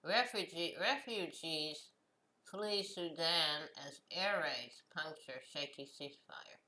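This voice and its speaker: A woman hosting her own show, reading news headlines and adding short comments, slow and halting with many fillers and restarts. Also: low voice, bright, forceful tone, poor audio. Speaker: host.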